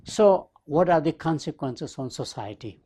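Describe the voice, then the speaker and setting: A man's voice: fairly high pitch, expressive, a little slow, mellow, slight background noise. A man lecturing on a leadership podcast, explaining ideas through everyday analogies and rhetorical questions. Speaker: business professor hosting a leadership podcast. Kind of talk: lecture-style podcast monologue.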